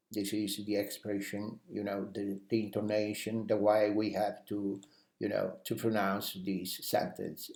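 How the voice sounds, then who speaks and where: Slow-paced male English teacher. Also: on the low side, vocal fry. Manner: acts out example phrases in a lively way; uses many "you know" fillers. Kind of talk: language lesson. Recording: roomy echo.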